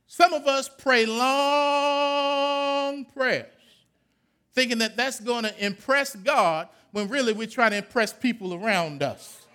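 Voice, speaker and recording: A man, preaching a sermon that swings from low, quiet talk to loud shouted calls. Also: slow pace, clear, resonant tone. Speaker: pastor.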